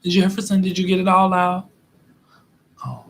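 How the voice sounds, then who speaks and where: A man's voice: high-pitched, completely flat delivery, a little slow, vocal fry, a little hiss or hum. A man doing a smug, falsely polite office manager. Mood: mock-polite. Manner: mock-polite, then tattling.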